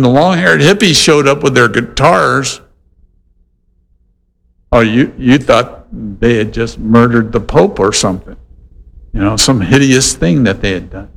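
Animated preacher man in a reverberant hall. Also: mid-range voice, normal speed. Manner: animated preaching with playful voiced asides. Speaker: pastor. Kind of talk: sermon.

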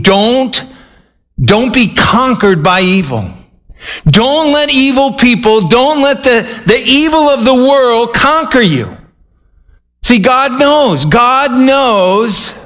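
A man's voice: sits high, a bit bright. A man preaching a sermon, earnest and emphatic, telling anecdotes to make his point. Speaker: pastor.

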